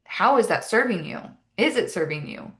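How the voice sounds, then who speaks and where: A woman's voice: medium pitch, animated, moderate pace, a bit bright. A young woman coaching in a casual motivational talk, earnest and upbeat, with many "like" and "right?" asides. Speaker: fitness and mindset coach.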